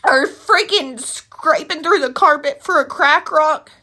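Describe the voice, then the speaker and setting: A woman delivers a heated, rambling rant straight to her audience, blunt and full of slang. Her voice is high and bright, with an edge from fighting back tears, and she sounds sniffly from crying. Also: measured pace. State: tearful, with a runny nose. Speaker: commentary vlogger. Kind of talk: emotional opinion rant to camera.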